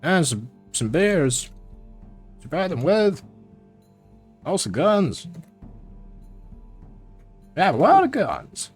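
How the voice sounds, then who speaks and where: A man voicing a boastful Southern cowboy in a deliberately hammy, stereotypical Southern accent. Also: a little high, wildly swooping pitch, slightly rough, soft background music, pitched above the performer's own voice, full character voice. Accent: put-on stereotypical Southern US. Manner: hammy, over-the-top drawl.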